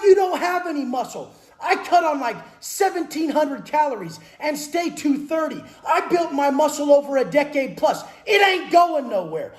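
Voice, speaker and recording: A man's voice: very high voice, a little mellow. A man, a fitness and mindset coach, talking bluntly and profanely about life in prison, with hard emphatic delivery. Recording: roomy echo.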